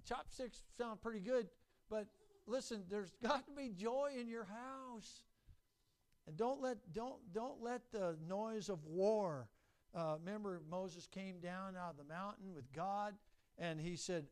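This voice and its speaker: An older man preaching a sermon as pastor, folksy and animated, acting out quotes and stories. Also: measured pace. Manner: folksy, animated, acts out quotes in high voices.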